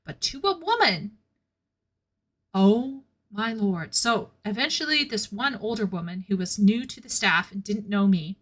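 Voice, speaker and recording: A woman's voice: medium pitch, expressive, a little slow, a bit bright. Blunt woman streamer chatting candidly. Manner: blunt, candid, laughs at her own remarks. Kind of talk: casual chat with a live chat.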